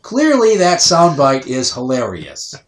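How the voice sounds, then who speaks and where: In casual storytelling, this thirty-something podcast host acts out the voices of other people. His mid-range voice swoops wildly in pitch and runs a little slow, with roomy sound and the mic at a distance.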